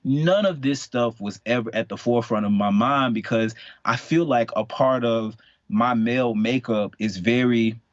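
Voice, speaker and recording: A man's voice: medium pitch, normal speed, no echo. Candid late-20s man telling a story. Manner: candid, rambling, lively storyteller with many fillers. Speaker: podcast co-host. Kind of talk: casual podcast chat, personal storytelling. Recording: dull, dry podcast audio.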